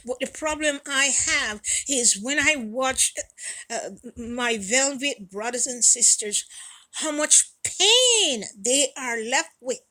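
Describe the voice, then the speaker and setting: A woman in her sixties speaking straight to her community, emphatic and profane, repeating her phrases and swinging between soft and loud. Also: high voice, animated, takes it slowly, rough recording. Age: 60s. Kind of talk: impassioned direct-to-camera talk.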